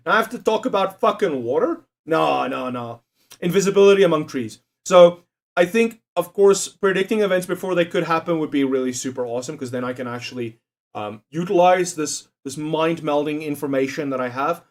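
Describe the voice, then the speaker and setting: A man's voice: a little high, animated, normal speed. A young man, chatting casually to his live-stream chat while doing a quiz. He swears freely, jokes, and laughs often. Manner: profane, joking, laughs often, talks to chat.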